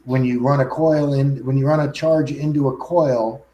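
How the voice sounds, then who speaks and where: A man's voice: mid-range voice, steady tone, moderate pace, warm tone, muffled recording. A man as a guest in casual chat, rambling, with frequent restarts and self-corrections.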